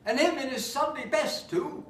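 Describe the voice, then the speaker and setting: A man doing a flustered Lancashire father in a storybook monologue, loud and pitched up high. He blurts every line, heard from a distance in an echoey room. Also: moderate pace, background noise. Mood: aggrieved. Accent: put-on Lancashire. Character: flustered plain-spoken Lancashire father, middle-aged. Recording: roomy, mic far off.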